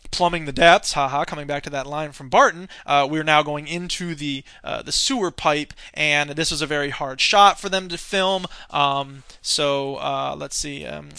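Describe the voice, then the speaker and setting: A male teacher walks through a film scene by scene in a loose, unscripted lecture. He stalls often on "uh" and "um" while he digs through his notes. His voice is a bit high and bright, and the recording is dry and close. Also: steady tone, moderate pace, gravelly, few pauses, clear, resonant tone, no room sound. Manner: hesitant, many fillers, searching through notes.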